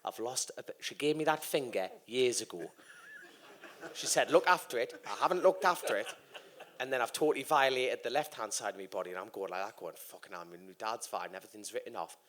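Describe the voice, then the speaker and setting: There is slight background noise as a guest racer in his thirties delivers a long, swear-filled story on stage at a live podcast event, voicing the people involved. His voice is fairly low and fairly bright, and his pace is a little fast.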